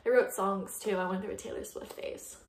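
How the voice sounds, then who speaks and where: Talking quickly in a mid-range voice with fairly even intonation, a young lifestyle vlogger chats with her viewers while tidying up. She's cleaning her bathroom and closet at home, and the room sounds echoey.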